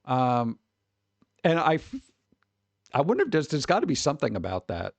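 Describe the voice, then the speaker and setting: A man's voice: mid-range voice, wildly swooping pitch, normal speed, no room sound. An American man chatting casually on a livestream, rambling, laughing often and trailing off. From United States. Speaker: VTuber streamer.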